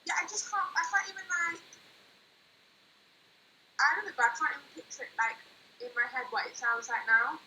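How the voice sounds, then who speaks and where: A woman's voice: high-pitched, lively intonation, brisk, pauses often, bright, forceful tone, a little hiss or hum, low-quality recording. A woman from Ireland co-hosting a casual football chat stream, giggly and hesitant. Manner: giggly, hesitant, lots of fillers. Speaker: co-host of a football chat show.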